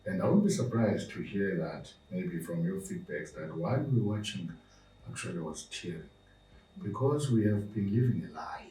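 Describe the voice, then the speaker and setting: A South African man with a low, dark voice speaks animatedly at a moderate pace as a podcast guest and movement founder. He's emphatic and preachy, building his points through repeated lists. A distant mic in a roomy space picks up a little hiss or hum.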